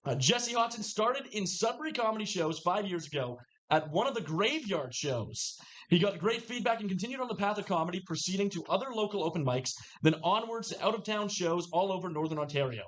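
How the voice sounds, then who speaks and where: A man's voice: high voice, lively intonation, a little fast, rough recording. A man hosting a live comedy show, introducing acts while fumbling with his notes. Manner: fumbling with notes, then building to a shouted introduction. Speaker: host. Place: small lounge stage.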